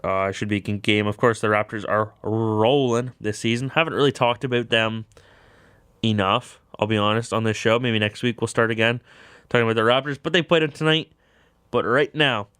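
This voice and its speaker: A man's voice: medium pitch, a bit bright, clean tone, dry recording, clean studio sound. A young man hosting a sports talk show, rambling through baseball news and correcting himself as he goes. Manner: rambling, self-correcting, lots of "of course". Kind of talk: casual sports talk monologue.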